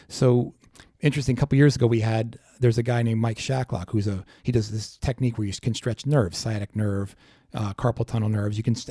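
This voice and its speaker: A man, a chiropractor guest in a casual podcast interview, talking quickly and eagerly with frequent restarts. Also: mid-range voice, dry recording, studio quality. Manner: fast, animated storytelling with repeated restarts. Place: podcast studio.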